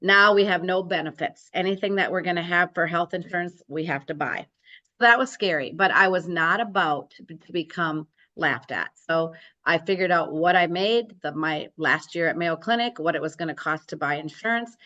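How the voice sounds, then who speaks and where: A woman's voice: on the low side, normal speed, pushed and bright, muffled recording. A woman in her sixties, a real estate broker, telling her story in an interview and acting out quoted dialogue.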